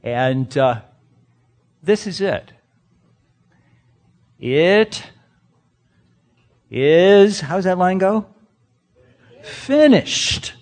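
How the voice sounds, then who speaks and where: Slow, emphatic preaching man. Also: high voice, expressive. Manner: emphatic, full of rhetorical questions, swinging from loud to hushed; speaks to the congregation directly. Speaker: pastor. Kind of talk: sermon.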